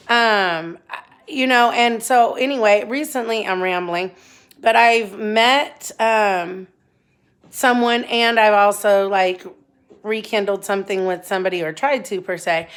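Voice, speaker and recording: A woman's voice: medium pitch, a little slow, fairly bright tone, clean tone. A woman in her forties talking bluntly about her own life in a candid, rambling monologue, swearing freely. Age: 40s. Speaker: vlogger.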